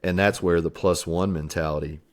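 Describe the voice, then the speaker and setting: A middle-aged man with a very deep voice speaks as a podcast guest. He talks in an earnest, reflective way, with plenty of fillers and the odd casual curse. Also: steady tone, normal speed. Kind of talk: candid interview storytelling.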